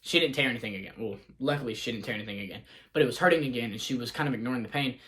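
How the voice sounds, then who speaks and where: A man's voice: medium pitch, racing, a bit bright. Young male vlogger, loose and scatterbrained, chatty day recap. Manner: scatterbrained, quotes himself and others in conversation. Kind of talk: casual rambling vlog. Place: in a car.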